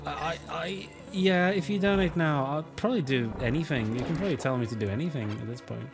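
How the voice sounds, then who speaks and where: A man's voice: a little high, fairly quick, over music. A man hosting a game stream, giggly, tired and a bit scattered while he plays. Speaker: stream host playing the game. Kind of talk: casual chat over a game stream.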